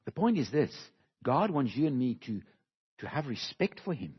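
A man preaching a sermon slowly and emphatically, with dramatic pauses, recorded in a church hall. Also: medium pitch, sing-song, breathy edge. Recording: dull, lo-fi recording with long hall reverb.

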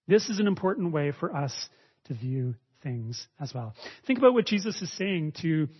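A male preacher teaching a sermon, expressive, swinging between raised emphasis and quiet asides. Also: on the high side, normal speed, husky. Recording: dull lo-fi audio with long reverb.

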